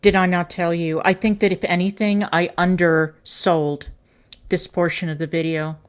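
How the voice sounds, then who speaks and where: A woman's voice: lowish voice, steady tone, moderate pace, clean tone. Sarcastic woman reacting on stream. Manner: sarcastic, scornful. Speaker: commentary streamer.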